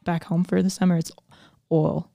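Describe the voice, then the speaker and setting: A woman's voice: medium pitch, steady tone, fairly quick, mellow, no room sound, clean studio sound. A young woman from Georgia co-hosting a casual podcast, bantering and opinionated. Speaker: podcast co-host. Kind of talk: casual chat.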